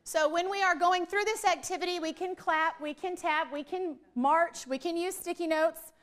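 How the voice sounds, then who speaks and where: High-voiced woman leading a teacher workshop. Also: moderate pace. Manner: animated, leads call-and-response drills. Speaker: literacy trainer. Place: training room with audience.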